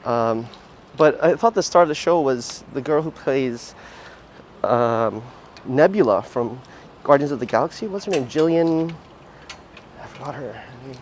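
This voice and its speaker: A man's voice: mid-range voice, lively intonation, a little slow, a little hiss or hum, poor audio. A man hosting a casual livestream outdoors on city streets, chatting in a rambling way with lots of fillers. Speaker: livestream host.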